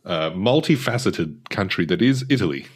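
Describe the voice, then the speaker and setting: A man's voice: deep voice, animated, moderate pace, slightly rough. A man co-hosting a travel podcast, casual and wry, hesitating with fillers. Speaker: podcast co-host. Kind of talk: casual chat.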